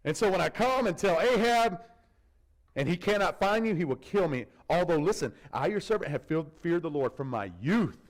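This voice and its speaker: A man's voice: animated, normal speed. A man voicing an anxious, defensive royal servant who pleads and protests in a strained voice. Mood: indignant pleading. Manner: pleading, indignant, high-strung.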